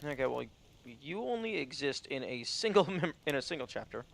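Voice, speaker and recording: A man's voice: mid-range voice, very animated, moderate pace, gravelly, fairly bright tone. Man thinking aloud over a puzzle game. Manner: thinks aloud, mutters, swears casually. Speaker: game streamer. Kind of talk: let's play commentary.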